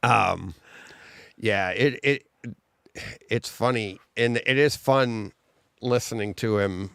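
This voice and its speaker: A man with a gravelly, mid-pitched voice co-hosts a relaxed chat show. He laughs easily and gets animated when something excites him. The sound is dry and close. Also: slow, no room sound. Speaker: podcast co-host. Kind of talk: casual chat.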